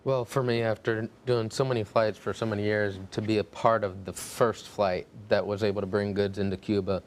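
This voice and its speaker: A man's voice: lowish voice, flat delivery, moderate pace. A man who flies supply flights, speaking plainly as a guest on a TV panel. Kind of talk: TV panel discussion.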